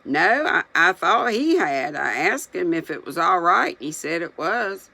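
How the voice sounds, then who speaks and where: A reader voicing a steady, brave pioneer father, firm and earnest, in a gravelly, bright voice. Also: medium pitch, unhurried, exaggerated voice. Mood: urgent.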